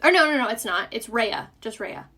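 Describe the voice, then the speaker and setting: A young woman with a light Southern US accent talks through a makeup tutorial in a slightly high, bright-pitched voice. She sounds chatty and upbeat, and she breaks off often to answer viewers' questions in a relaxed, friendly way. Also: moderate pace, husky. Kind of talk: casual live makeup tutorial.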